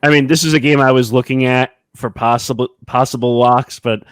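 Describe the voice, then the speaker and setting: Drawn-out announcing sports podcast man. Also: medium pitch, steady tone, smooth, no room sound. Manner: announces each game in a drawn-out way. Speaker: podcast co-host. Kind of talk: casual sports chat.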